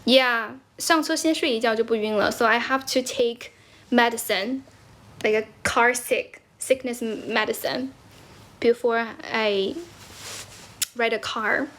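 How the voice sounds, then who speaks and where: A woman's voice: fairly high pitch, slow, a bit bright. A young woman from China hosting a casual livestream, chatting in English and Chinese, laughing often and thanking viewers for gifts. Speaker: livestream host. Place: indoors, squatting while streaming.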